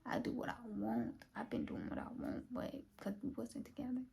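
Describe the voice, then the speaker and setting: Young woman vlogger, casual storytime, raspy fry-heavy voice, swings up and down a lot, half-whispers asides. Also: medium pitch, wildly swooping pitch, normal speed, mellow. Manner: chatty, filler-heavy, often drops to a half-whisper.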